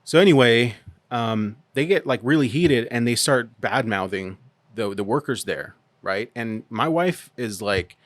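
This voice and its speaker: A man in his thirties telling a story on a podcast, animated and swearing freely as he acts out the dialogue. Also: mid-range voice, a little slow, dry recording. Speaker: podcast co-host. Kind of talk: casual storytelling chat. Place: podcast studio.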